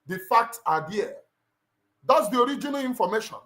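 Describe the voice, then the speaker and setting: A man's voice: very high voice, expressive, brisk, sharp tone. A middle-aged Nigerian man with a Nigerian accent, hosting a livestream in an emphatic, preacher-like way and repeating his lines for weight. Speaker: livestream host. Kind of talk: impassioned livestream address.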